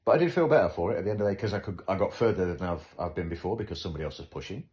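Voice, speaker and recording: A man's voice: sits low, lively intonation, rapid-fire, a little mellow. A man hosting a podcast, chatting casually in a wry, joking, self-deprecating way. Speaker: podcast host. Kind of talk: casual chat.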